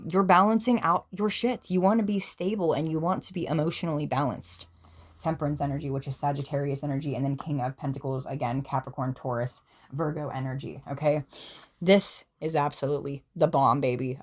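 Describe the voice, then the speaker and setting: A woman giving a casual tarot reading at home, excitable and gushing, swearing freely as she talks. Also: deep voice, brisk. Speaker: tarot reader.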